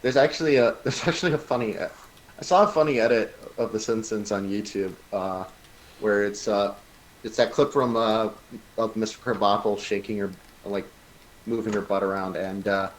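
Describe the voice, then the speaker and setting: Low-voiced rambling young man. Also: steady tone, normal speed, poor audio. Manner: rambling, filler-heavy storytelling. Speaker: friend on stream. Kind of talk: casual chat.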